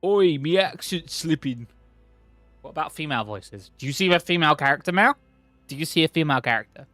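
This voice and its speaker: A man's voice: fairly high pitch, animated, very fast, bright, forceful tone, soft background music. A man streaming a video game, thinking aloud and reacting casually, sometimes swearing or reading in-game text. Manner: chatty, profane, thinks aloud. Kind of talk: casual gameplay commentary.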